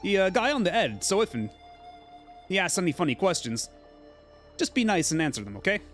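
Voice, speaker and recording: A man's voice: high-pitched, big pitch swings, a little fast, faint music behind, pitched above the performer's own voice. A man doing a stern, caring village mother. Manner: clumsy attempted Scottish brogue. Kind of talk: reading game dialogue aloud.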